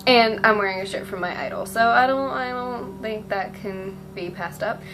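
A woman's voice: medium pitch, normal speed, over music, rough recording. A teenage girl vlogging casually, rambling and gushing with lots of ums. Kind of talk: casual fan vlog.

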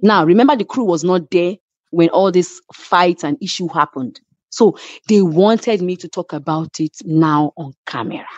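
A woman's voice: on the low side, normal speed, no echo, muffled recording. A woman with a Nigerian English accent, a reality show cast member telling a story emphatically as a guest. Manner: emphatic, acts out others' quoted lines. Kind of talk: animated storytelling.

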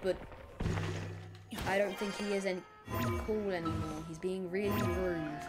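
A woman's voice: fairly low pitch, fairly even intonation, measured pace. A woman giving casual let's-play commentary, playfully reading game dialogue aloud with dramatic reactions. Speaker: gamer. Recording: game music behind.

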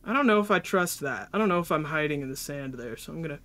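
A man's voice: fairly high pitch, lively intonation, quick pace, hardly any pauses, a bit bright. A young man streaming live, giving jittery, panicky commentary as he plays and talks to his chat.

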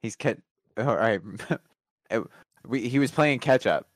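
A man co-hosting a podcast in casual chat, laid-back and quick to chime in. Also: medium pitch, expressive, no echo. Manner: laid-back, frequent agreeing interjections. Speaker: podcast co-host.

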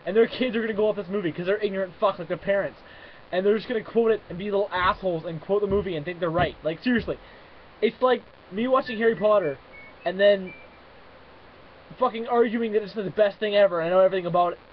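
A young man venting in an angry, profane rant to camera, swinging between loud outbursts and muttering. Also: high-pitched, fast talker, muffled recording, slight background noise. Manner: swears constantly, shifts between fuming shouts and muttering. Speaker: vlogger.

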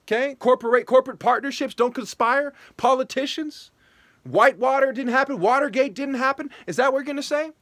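A man delivering an angry, profane ranting monologue as a vlogger, hectoring his listeners and rising to shouting. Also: extremely high pitch, no echo, clean studio sound.

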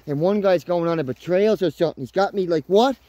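A man in his thirties vlogging while hiking through the woods, excitable and swearing freely, talking to his dog as he goes. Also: a little high, fast talker, dry recording. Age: 30s. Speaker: outdoors vlogger. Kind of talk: casual walking vlog. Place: outdoors in woods.

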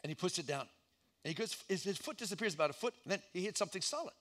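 A man preaching a sermon as pastor in a church, telling a story dramatically and acting out the voices, swinging from shouts down to hushed lines. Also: sits high, lively intonation, racing.

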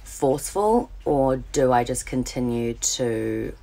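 A woman with an Australian accent, calmly laying out her question as a listener in a recorded video. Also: rumbling low, slow pace, creaky.

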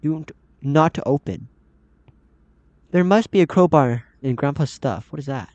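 A man's voice: fairly high pitch, lively intonation, measured pace, darkish tone, no room sound. Jumpy man with a cracking voice. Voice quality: voice cracks upward often. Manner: jumpy, talks to himself and the game characters. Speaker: gaming channel host. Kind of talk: casual horror gameplay commentary. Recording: slightly dull lo-fi mic.

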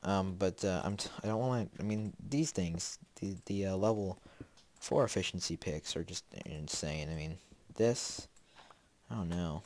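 A man with a low-pitched, slightly mellow voice gives casual Let's Play commentary at a moderate pace. He rambles and talks to himself with lots of fillers, sounding a bit sniffly from a slight cold.

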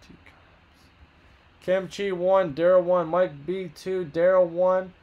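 A man hosting a live card box break, rattling off buyer names and teams in quick upbeat banter while losing his voice. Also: sits high, little pitch movement, highs cut off.

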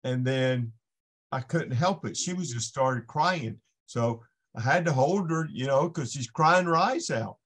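A man's voice: mid-range voice, expressive, a bit bright. A man, a ministering guest on a faith podcast, telling a personal story and acting out the voices in it. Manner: unhurried storytelling, acts out the voices in his story. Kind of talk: casual storytelling testimony.

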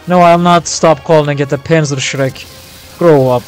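A young man streaming a war game live, reacting loudly, swearing and yelling at his teammates. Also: on the high side, fairly even intonation, a little slow, faint music behind. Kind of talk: live gameplay commentary.

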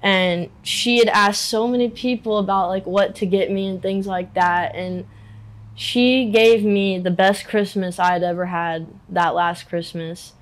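A young adult woman in a candid interview, talking in a halting, emotional way and using "like" a lot. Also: mid-range voice, steady tone. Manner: halting and emotional, many filler "like"s.

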